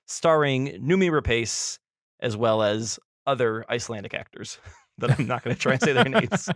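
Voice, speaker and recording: A man's voice: mid-range voice, expressive, moderate pace, no echo, clean studio sound. A man co-hosting a film podcast, talking casually and laughing often as he stumbles over names. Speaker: podcast co-host.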